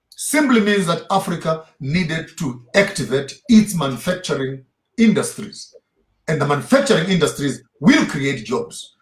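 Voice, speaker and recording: A man giving impassioned, preacher-like answers in an interview, heavy on rhetorical questions. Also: fairly high pitch. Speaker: guest speaker. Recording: roomy echo.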